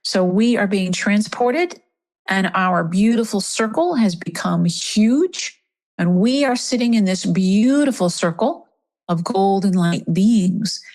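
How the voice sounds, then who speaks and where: A middle-aged woman leading a guided meditation and prayer, speaking softly and reverently. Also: medium pitch. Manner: soft, reverent, emotional at times.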